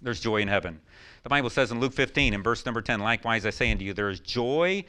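Male pastor, mid-pitched, smooth and resonant, rambling folksy sermon with sudden whoops. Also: lively intonation, fast, sharp tone. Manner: folksy storytelling with many fillers, bursting into whoops.

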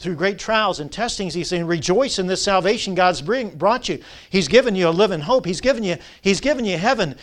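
High-voiced preacher, call-and-response. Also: male voice, a bit bright. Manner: preaching, emphatic, drawing out key words. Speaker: pastor. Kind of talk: sermon.

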